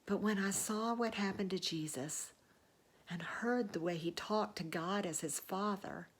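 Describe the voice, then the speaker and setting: A woman voicing a Roman centurion in a first-person dramatic monologue, telling it in an earnest, measured way. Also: mid-range voice, slightly rough. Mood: solemn. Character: Roman centurion, a grown man, sober commanding officer.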